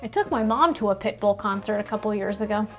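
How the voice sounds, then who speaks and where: A woman's voice: medium pitch, quick pace, faint music behind. A young adult woman vlogging about home renovation in a casual, sassy, profane storytelling manner. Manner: sassy, profane, animated storytelling with voiced quotes. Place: home hallway, indoors.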